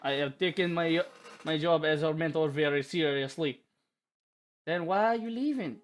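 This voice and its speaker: A man voicing a brooding, self-doubting young male mage in a put-on Russian accent, speaking in formal, halting phrases. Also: fairly high pitch, lightly acted. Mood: dejected.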